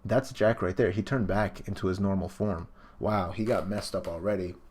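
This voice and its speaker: A man reading a comic live for viewers, excited, exclaiming, loose and profane. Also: sits low, moderate pace, a little hiss or hum. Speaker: live reaction streamer.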